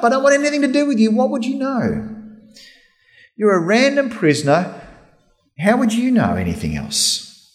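A man preaches with lively swings of pitch, and his voice sits a little high for a man. He retells the story with energy and slips into the voices of its characters. His voice carries the long echo of a hall. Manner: animated storytelling, acting out quoted voices. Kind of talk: sermon. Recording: hall reverb.

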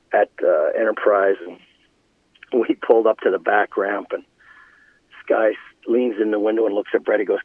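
A middle-aged former hockey player swaps stories with lively, laughing energy and plenty of restarts. His voice is husky and sits a little low. It comes through a dry, tinny phone line. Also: no room sound. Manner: animated anecdotes, laughing, restarts. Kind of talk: casual storytelling.

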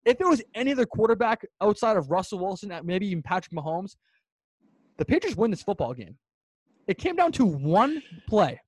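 A man's voice: high voice, sing-song, a little fast, a little mellow, no room sound. A man co-hosting a sports podcast in casual chat, emphatic and ranting, repeating his points for effect. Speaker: podcast co-host.

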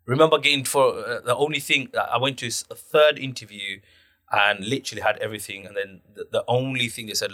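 A man's voice: mid-range voice, quick pace. A man telling stories animatedly in a casual podcast chat, full of slang. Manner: animated storyteller, loose slang, acts out quotes.

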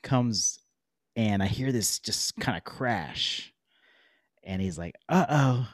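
Man in his 40s, low voice, lively casual storyteller on a dry close mic. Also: slow, dry recording. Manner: animated, chatty storyteller. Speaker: podcast guest.

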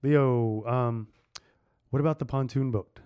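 A man's voice: medium pitch, steady tone, a little slow, clear, resonant tone, lo-fi sound. Playful man hosting a family podcast. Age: adult. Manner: playful, laughs often, quizzes kids. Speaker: podcast host with kids. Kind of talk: casual family podcast chat.

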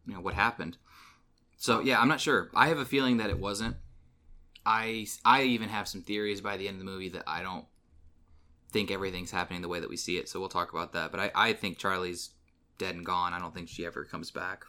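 Male podcast co-host, slightly low, bright tone, loose rambling recap delivery. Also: steady tone, fairly quick. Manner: rambling retelling with many ums and restarts. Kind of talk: casual movie recap chat.

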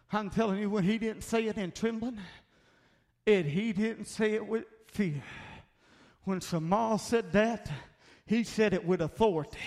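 A man preaching a sermon, pressing his points with repeated "Hello?" and "Amen?" and acting out bold declarations. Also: sits high.

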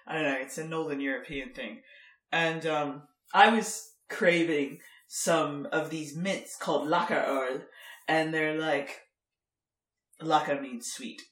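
A woman's voice: low-pitched, fairly bright tone, roomy sound. A young woman from Germany co-hosting a podcast, chatting casually with lots of fillers and laughter. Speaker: podcast co-host. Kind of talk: casual chat.

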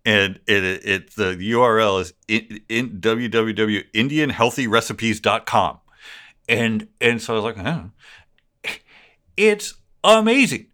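A man co-hosting a podcast, chatting casually in a rambling, animated way and swearing freely. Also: fairly low pitch, unhurried, smooth. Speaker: podcast co-host. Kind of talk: casual chat.

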